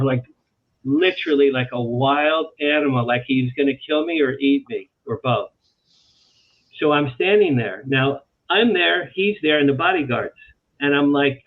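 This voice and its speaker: A man, an author guest on an interview show, telling animated anecdotes and repeating phrases for emphasis. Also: on the high side, normal speed. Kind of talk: storytelling in a talk-show interview. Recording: tinny phone-like line.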